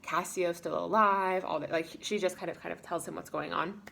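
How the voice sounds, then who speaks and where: A woman's voice: lowish voice, steady tone, fast, vocal fry, slightly rough. Chatty woman teaching a casual lesson. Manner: chatty and informal, with many fillers, paraphrasing characters in quoted lines. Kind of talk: casual spoken lesson summary.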